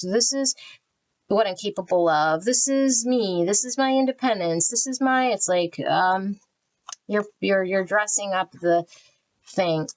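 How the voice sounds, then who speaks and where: A woman giving a casual, rambling tarot card reading, often restarting phrases and sometimes shifting into a soft prayerful tone when calling on spirit. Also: medium pitch, no echo. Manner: chatty, repeats and restarts phrases, intuitive rambling. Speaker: tarot reader.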